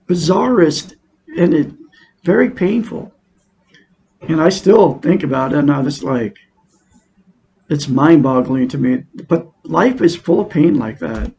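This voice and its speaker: A man's voice: on the high side, measured pace, creaky, long pauses, mellow, slightly rough. A man giving a rambling self-help monologue to his viewers, repeating himself and talking straight to them.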